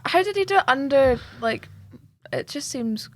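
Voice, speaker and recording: A woman's voice: sits high, lively intonation, normal speed, slight background noise. A woman co-hosting a podcast, bluntly and skeptically questioning the film's logic. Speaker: podcast co-host. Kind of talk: casual chat.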